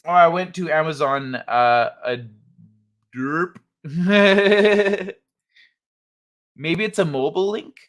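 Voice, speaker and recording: A man's voice: on the high side, slow pace, long pauses, a bit bright. A man hosting a casual late-night stream, joking crudely and chatting with viewers. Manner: joking, crude, talks to chat. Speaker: host.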